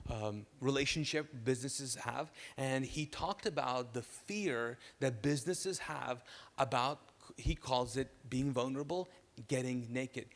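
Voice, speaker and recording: A man preaching a sermon as pastor, animated, repeating phrases and acting out the voices he quotes. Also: medium pitch. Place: church auditorium. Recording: reverberant church hall.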